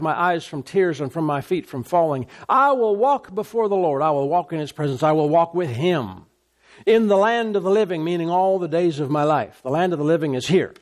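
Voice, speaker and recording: Male preacher, high voice, reads scripture then expounds, repeats phrases, checks in with the congregation. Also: a little mellow. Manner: call-and-response asides, repeats phrases for emphasis. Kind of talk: sermon.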